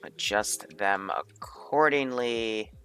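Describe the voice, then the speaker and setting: Bright-voiced man giving casual game commentary. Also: lowish voice, slow, soft background music. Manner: thinking aloud, offhand and profane. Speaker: game master running a multiplayer military game session.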